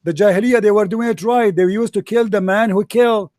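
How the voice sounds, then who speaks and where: A man's voice: sits high, a little fast, a little mellow, no room sound, studio quality. A man arguing hard in a religious debate, mocking and repeating himself. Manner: combative, mocking, repeats phrases.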